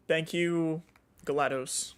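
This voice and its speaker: A young man chatting casually on a game stream, full of jokes and quick laughs. His voice sits high for a man. He banters loosely with friends and chat. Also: background noise. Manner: joking, giggly banter.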